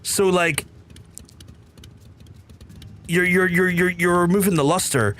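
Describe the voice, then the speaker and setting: A young man from Belfast with a softened Belfast accent, chatting and rambling to his viewers while he streams a game. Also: high voice, steady tone, slow. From Northern Ireland. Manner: rambling, chatty, reads chat aloud. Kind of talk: casual game stream chat.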